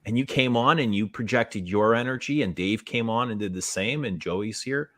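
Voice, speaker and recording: A man's voice: on the low side, normal speed, a bit bright, dry recording. A man in a casual online chat, speaking in an earnest, matter-of-fact way.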